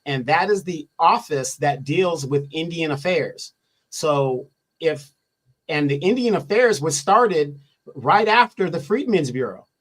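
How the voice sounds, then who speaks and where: A man's voice: on the high side, lively intonation, unhurried, low-quality recording. A man giving opinionated political commentary in an emphatic way, asking rhetorical questions and repeating phrases for weight.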